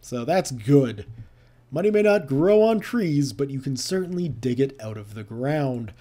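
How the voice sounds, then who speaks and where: A man talks through a strategy game in a relaxed, chatty way, thinking aloud and tossing in playful jabs. His voice is mellow and dark, and it rises and falls a lot as he goes. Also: medium pitch, unhurried. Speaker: gameplay commentator. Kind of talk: casual let's-play commentary.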